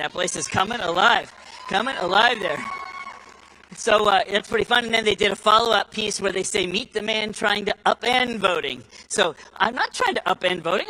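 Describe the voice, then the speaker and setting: A man's voice: sits high, bright, forceful tone, poor audio. A man giving a speech to a live audience, telling folksy stories with repeated restarts and acting out the voices he quotes. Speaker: speaker at a political summit.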